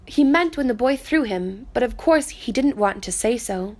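A woman reading a children's storybook aloud in a gentle, soft, unhurried way. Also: sits high, lively intonation.

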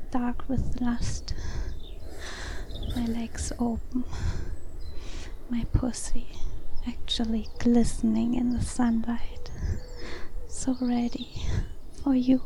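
A young adult woman narrating a whispered role-play, breathy and soft, with frequent small laughs. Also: on the high side, flat delivery, drawn-out words, pauses often.

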